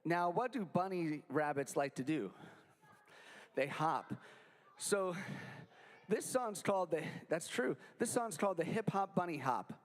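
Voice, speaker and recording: High, playful man entertaining kids. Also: measured pace, pauses often, long reverb tail. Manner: goofy, animated, jokey with the kids. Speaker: children's songwriter and performer. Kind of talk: playful kids' show with sing-along. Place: library event space with a live audience.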